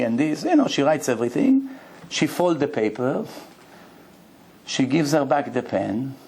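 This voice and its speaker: Gravelly, dark-voiced rabbi telling a story. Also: male voice, medium pitch, measured pace. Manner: animated storyteller acting out dialogue; broken, non-native-sounding English grammar. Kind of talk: storytelling lecture.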